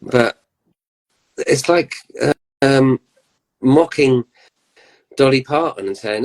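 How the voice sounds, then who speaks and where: A man's voice: mid-range voice, slow pace, pauses often, darkish tone, low-quality recording. A man, a musician guest on a casual chat show, teasing wryly and slipping into funny voices. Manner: wry, teasing, does funny voices in asides.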